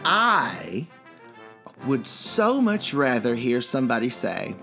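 A man's voice: medium pitch, wildly swooping pitch, takes it slowly, creaky, bright, forceful tone, faint music behind. A man co-hosting a radio show, teasing and joking in comedic banter. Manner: playful, teasing.

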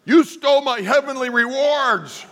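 A man's voice: unhurried, pushed and bright, heavily acted. A man voicing an indignant church woman who shrilly accuses her pastor. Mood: scolding. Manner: shrill, scolding.

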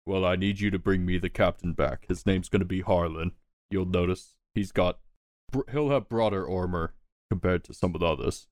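A measured guildmaster who hands out quests from his throne as a man puts him on. The voice sits very low and steady. The sound is dry and close. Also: no echo, natural voice. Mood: calm. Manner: measured, mildly hesitant. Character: calm male guildmaster on a skull throne.

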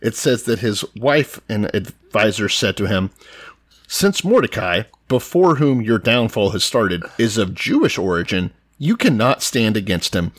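Wry male co-host, lowish voice, dry close recording. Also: very animated, unhurried, no echo. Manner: wry, profane, laughs often. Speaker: co-host retelling a scripture story. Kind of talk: casual comedic chat.

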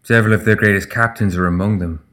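A man's voice: on the low side, fairly even intonation, quick pace, pushed and bright. A man reading a stern ancient fae queen. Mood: regal.

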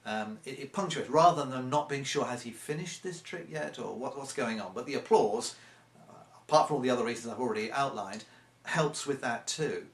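A man's voice: medium pitch, a little fast. Chatty English man in a roomy space. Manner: chatty, anecdotal, acts out quoted lines. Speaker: magician giving advice. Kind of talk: casual instructional talk. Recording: roomy echo.

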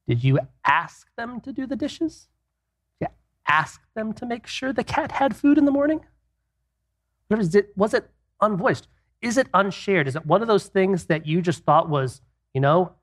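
In a high voice, this man offers a laid-back Christian teaching about marriage, talking conversationally. Rhetorical questions and offhand asides come up often.

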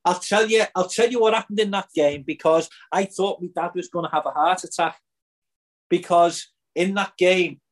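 An older man with a Liverpool accent, hosting a podcast and telling a story in an animated, chatty way. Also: high-pitched, normal speed. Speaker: podcast host. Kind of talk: casual chat, storytelling.

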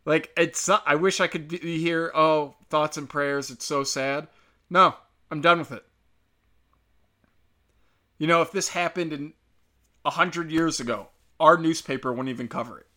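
A man's voice: a little high, moderate pace, pauses often, sharp tone. A man delivering a heated, profane, sarcastic monologue straight to his listeners, mocking and scolding them. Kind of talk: ranting monologue.

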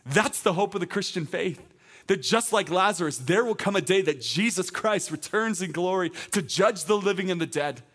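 A male teaching pastor preaching a sermon in a conversational, emphatic way that climbs to loud proclamations. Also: high-pitched, lively intonation, moderate pace.

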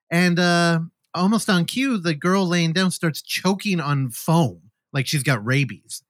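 A male podcast host retells a horror film with animated, swooping delivery and a slightly high voice. He swears freely and drops into quick acted-out lines from the scenes. The sound is dry and close. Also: no echo. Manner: animated, profane, acts out movie scenes. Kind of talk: casual movie review chat.

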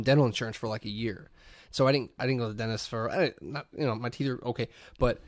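A man's voice: medium pitch, dry recording, clean studio sound. A man, telling a story animatedly in a casual podcast chat, laughing and swearing freely. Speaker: podcast co-host.

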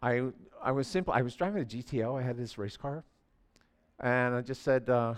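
A man in his sixties preaching a sermon in a church, telling stories animatedly and swinging from quiet asides to near shouting. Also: mid-range voice, fairly quick. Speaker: pastor.

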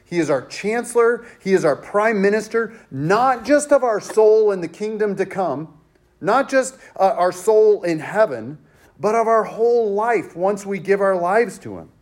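A man's voice: sits high, animated, unhurried. A man as pastor preaching a sermon with an emphatic, repetitive cadence.

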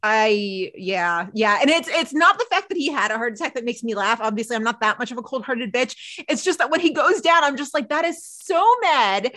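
Woman podcast co-host, casual recap, high voice that swoops around, animated. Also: moderate pace, hardly any pauses. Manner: animated, laughs often, acts out characters' lines.

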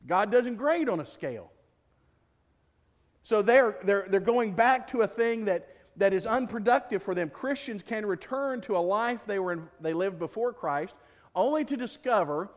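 A man's voice: high-pitched, lively intonation, a little slow, pauses often. A man preaching a sermon as pastor, in a conversational, jokey way full of rhetorical questions. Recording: long reverb of a large hall.

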